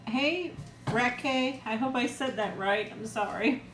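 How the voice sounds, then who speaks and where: A woman's voice: fairly high pitch, measured pace, fairly bright tone, echoey room, a little hiss or hum. A middle-aged woman chatting casually on a live eating stream, greeting viewers by name and laughing often. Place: room at home. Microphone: new external mic, close.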